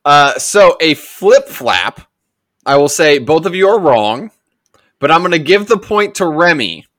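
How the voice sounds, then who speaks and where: A man hosting a casual soccer podcast, easygoing and relaxed, sometimes humming a little jingle. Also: on the high side, measured pace, dry recording, studio quality. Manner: easygoing, hums a little jingle when announcing segments. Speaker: podcast host running a soccer segment.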